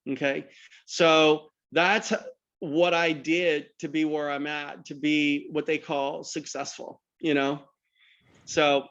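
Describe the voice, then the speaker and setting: Animated male storyteller, slightly high voice. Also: muffled recording. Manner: animated anecdotal storyteller, acts out dialogue. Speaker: guest entrepreneur. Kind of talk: storytelling in a podcast interview.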